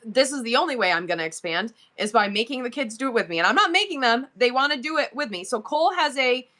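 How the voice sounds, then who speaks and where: Bright-voiced woman chatting on a livestream. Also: on the high side, lively intonation, fast. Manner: emotional, gushing thanks to viewers. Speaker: livestream seller. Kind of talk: live-stream chat.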